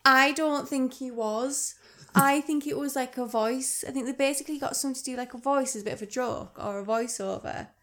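A woman co-hosting a film podcast, animated and rambling, often poking fun at herself. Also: sits high, brisk. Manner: animated, rambling, self-deprecating. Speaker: podcast co-host. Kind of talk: casual podcast chat.

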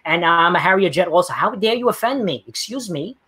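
A man mockingly voicing a shrill, easily offended man, repeating himself with fake outrage. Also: animated, fairly quick, sharp tone, slightly rough, full character voice. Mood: mock outrage. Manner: indignant, repeating himself in a high whine.

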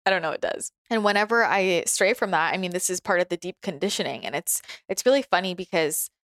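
A woman's voice: fairly low pitch, lively intonation, fast talker, a bit bright, no echo. Chatty laughing woman, dry close sound. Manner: chatty, laughs often, many restarts and "like". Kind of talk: casual reflective monologue.

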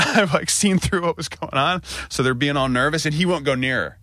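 A man in his thirties, a podcast co-host, telling a candid story and jumping up in pitch when he quotes himself. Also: normal speed, hardly any pauses, no room sound, studio quality. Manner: animated retelling, voice rising when quoting himself.

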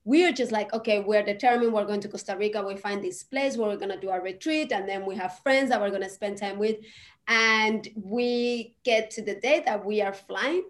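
A woman's voice: medium pitch, moderate pace. A woman co-hosting a casual chat, encouraging and emphatic as she turns stories into lessons for the listeners. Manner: encouraging, speaks to listeners as "people"; emphatic, motivational. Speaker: podcast co-host.

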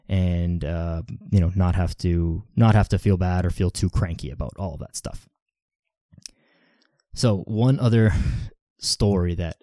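A man with a low, warm voice hosts a fitness podcast solo, recorded cleanly in a studio with no room sound. He talks casually and rambles, leaning heavily on "like" as a filler.

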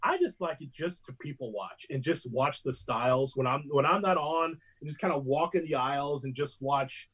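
Husky-voiced sports radio host, animated. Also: male voice, fairly high pitch, normal speed, hardly any pauses, low-quality recording. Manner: animated storytelling, mimics other hosts loudly. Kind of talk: casual conversation between radio hosts.

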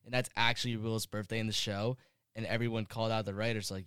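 A man's voice: fairly low pitch, flat delivery, quick pace, a bit bright, clean tone, no echo, studio quality. A man co-hosting a casual podcast chat, talking hesitantly with lots of fillers.

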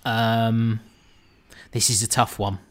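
A man's voice: lowish voice, flat delivery, takes it slowly. A man co-hosting a podcast, wry and a bit hesitant with many ums. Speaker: podcast co-host. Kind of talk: casual podcast chat.

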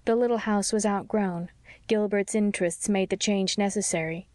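A woman narrating a classic novel as an audiobook, with a measured and gentle delivery. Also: mid-range voice, fairly even intonation, no echo. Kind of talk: scripted narration.

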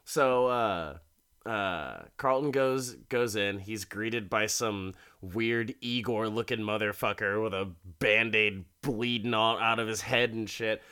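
A man casually retelling a TV episode with animated, crude, profane energy and frequent laughter. His voice sits fairly low, forceful and smooth. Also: takes it slowly.

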